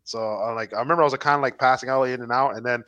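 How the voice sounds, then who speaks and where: A man telling animated, profanity-filled stories in casual chat. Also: medium pitch, rapid-fire, no room sound, lo-fi sound. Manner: animated storyteller, swears a lot.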